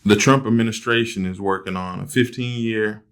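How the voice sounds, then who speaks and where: A man's voice: fairly low pitch, fairly even intonation, moderate pace, fairly bright tone, clean tone. A man interviewing a guest, reading out news items and then asking for his thoughts.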